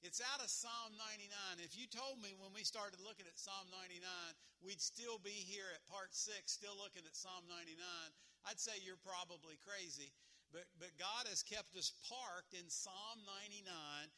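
A man's voice: high voice, moderate pace, sharp tone. A man preaching a sermon as pastor, playfully coaching his congregation.

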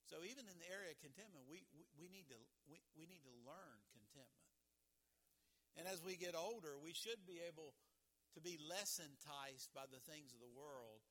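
A male preacher with a high, bright, ringing voice delivers a sermon in church. He tells homespun stories in a folksy way. He swings from loud, emphatic lines to soft, hushed ones.

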